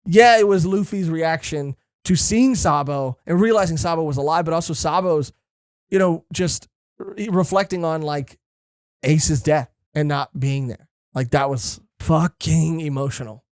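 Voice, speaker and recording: A man co-hosting a podcast, chatting casually, excitable and profane, rambling with lots of fillers. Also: a little high, unhurried, clear, resonant tone, dry recording, clean studio sound. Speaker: podcast co-host. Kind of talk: casual chat.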